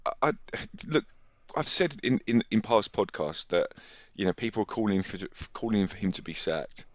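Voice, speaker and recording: Low-voiced English co-host, halting. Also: male voice, big pitch swings, no echo, muffled recording. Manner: halting, repeats words, calls his friend mate. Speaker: podcast co-host. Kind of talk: casual chat.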